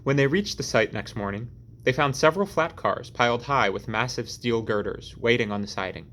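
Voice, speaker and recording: A man narrating a novel in a steady, measured audiobook reading. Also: mid-range voice. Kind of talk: scripted narration.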